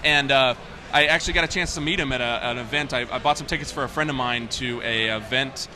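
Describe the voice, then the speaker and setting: A man, a game developer, talks about his game and tells stories in a casual interview. He sounds enthusiastic and animated throughout. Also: mid-range voice, quick pace, noisy background.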